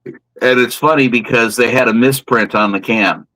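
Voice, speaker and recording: A man's voice: mid-range voice, steady tone, moderate pace, sharp tone, no room sound, low-quality recording. A man chatting casually on a video call, telling rambling, hesitant stories. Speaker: podcast participant. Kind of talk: casual chat.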